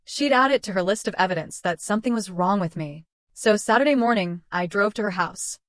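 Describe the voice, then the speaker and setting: Woman reading a storytime, steady and even, mid pitch, dead dry audio. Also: fairly quick, no echo. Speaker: narrator. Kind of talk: first-person story narration.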